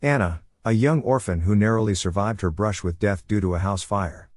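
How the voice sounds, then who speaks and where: Deep male announcer, ominous trailer voice, dead dry sound. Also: normal speed, a little mellow, dry recording. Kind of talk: dramatic trailer-style intro.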